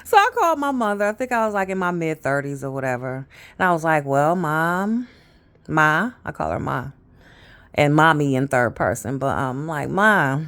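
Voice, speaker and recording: A woman in her fifties talking straight to her viewers in a loose, chatty storytelling way. Her voice sits low but swings widely in pitch. She wanders off track and lets sentences trail away with casual fillers. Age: 50s. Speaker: vlogger.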